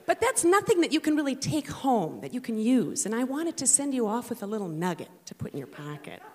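A middle-aged woman tells a comic story in an animated, self-mocking way. Her voice sits high and swings widely in pitch. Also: brisk, in a large hall.

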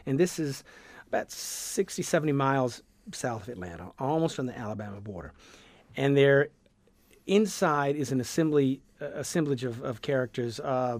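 A man with a Southern accent talks as a guest in a radio studio, telling winding stories full of false starts and bursts of energy. His voice is mid-pitched and sits close and dry in the mic. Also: no echo. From Georgia, USA. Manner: rambling, animated storyteller with many restarts. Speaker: guest, sound effects artist. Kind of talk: radio interview conversation.

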